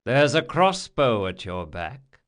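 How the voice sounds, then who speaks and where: A man voicing a cultured male captor who speaks in a smooth, slow and measured way. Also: medium pitch, big pitch swings, a bit bright. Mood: calm, menacing. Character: cultured mysterious male captor, calm and deliberate.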